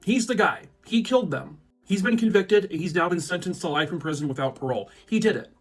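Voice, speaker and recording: A man giving casual true crime vlog commentary, blunt and sarcastic and quick to swear. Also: sits high, expressive. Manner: blunt, sarcastic, profane ranting. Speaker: true crime content creator.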